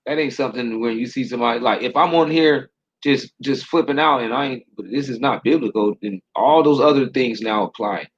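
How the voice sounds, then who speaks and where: Man, casual guest, lo-fi dull sound, stammers and gets heated. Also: brisk. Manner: heated, stammering, swings high when worked up. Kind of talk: casual conversation.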